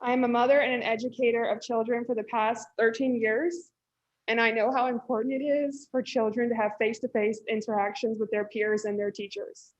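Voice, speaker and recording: A woman's voice: a little high, little pitch movement, fairly quick. Earnest mother pleading at a board meeting. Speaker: parent speaking at public comment. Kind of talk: prepared public statement. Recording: dull lo-fi meeting audio.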